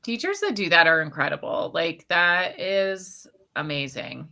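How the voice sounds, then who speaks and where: A woman chatting casually in an animated way, often quoting herself and filling her sentences with "like". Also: fairly low pitch, unhurried, vocal fry. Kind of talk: casual chat.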